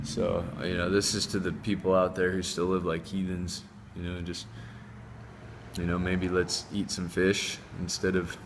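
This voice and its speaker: A man's voice: low voice, background noise. A man hosting a casual vlog in a home workshop, rambling and swearing as he jumps between topics. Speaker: channel host. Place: home workshop showing tools. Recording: long reverb.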